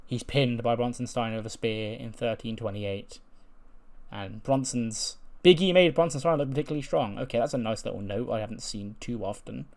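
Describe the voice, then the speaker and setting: Man hosting a game channel, chatty recap, mid-pitched voice, laughs along. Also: brisk, creaky, a little mellow. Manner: chatty, laughing, recounts events. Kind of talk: casual game commentary.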